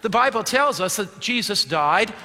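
Male pastor preaching a sermon, high bright voice, long hall reverb behind him. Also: expressive, moderate pace, slight background noise. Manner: preaching, rising to forceful exclamations then dropping to quiet asides.

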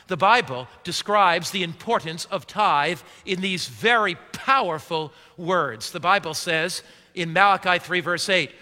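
A man delivers a sermon as pastor, his voice high and strikingly bright. He tosses questions out for the congregation to finish, and the sound rings with a long hall reverb. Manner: call-and-response questions to the congregation.

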